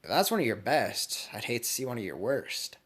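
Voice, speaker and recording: A man's voice: mid-range voice, very animated, fairly quick, fairly bright tone, slightly rough. A man voicing a brash, cocky young male ninja in a casual retelling, speaking in an offhand, boastful way.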